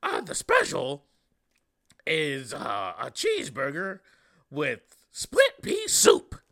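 A man voicing a fussy, eager blue furry monster who works as a waiter, in a high sing-song voice. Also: huge pitch swings, slow pace, vocal fry, bright, forceful tone, dry recording, clean studio sound, full character voice.

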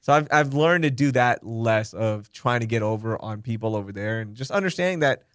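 A man hosting a podcast, talking candidly and swearing freely as he acts out his own thoughts in quotes. His voice sits at an everyday middle pitch, and it is recorded dry and close with no room sound. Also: lively intonation, fairly quick, no room sound. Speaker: podcast host. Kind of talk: casual chat.

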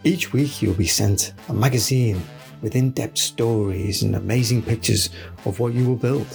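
A man voicing an over-the-top male advert announcer, booming and salesy. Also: normal speed, creaky, a little mellow, soft background music. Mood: hammy salesy.

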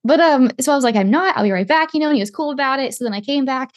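Young woman, casual storyteller, swears freely, quick delivery. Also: sits high, no echo, clean studio sound. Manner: animated, swearing, acts out quotes. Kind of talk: casual chat.

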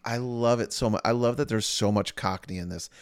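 A man's voice: mid-range voice, fairly quick, no room sound, clean studio sound. A man co-hosting a casual podcast, rambling in a laid-back way with lots of filler words. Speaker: podcast co-host, barber. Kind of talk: casual chat.

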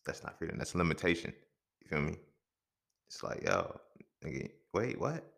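A man's voice: rumbling low, sing-song, a little fast, gravelly, a bit bright. A young man hosting a podcast alone, talking bluntly and profanely in a casual, conversational storytelling way. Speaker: podcast host. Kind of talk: casual solo commentary.

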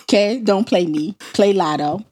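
A woman's voice: mid-range voice, normal speed, darkish tone, breathy edge. A woman from Harlem with a thick New York accent, co-hosting a podcast and ranting emphatically in casual chat. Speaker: podcast co-host.

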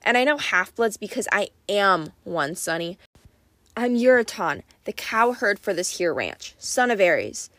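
A woman voicing a gruff, menacing older male cowherd in an audiobook, with a low drawl. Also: sing-song, unhurried, fairly bright tone, dry recording.

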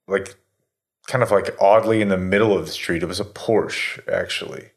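A man in his thirties telling a story in casual chat, rambling with lots of fillers and swearing. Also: low voice. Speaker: podcast host telling a story.

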